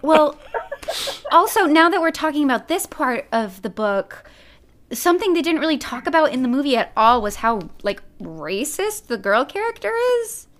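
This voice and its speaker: A chatty woman talks in casual conversation, her voice sitting a bit higher than most. She laughs easily and slips into reading passages aloud from a book. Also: very animated, moderate pace, fairly bright tone. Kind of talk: casual book-and-movie chat.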